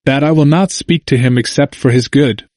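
A man voicing a steadfast young Christian wife who faces death, speaking firmly and gently. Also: medium pitch, fairly quick, dry recording, clean studio sound, lightly acted. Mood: firm, gentle. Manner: firm and gentle.

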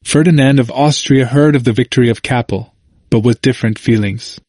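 Male narrator for a history audiobook; measured, solemn delivery, dry recording. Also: medium pitch, darkish tone, no echo.

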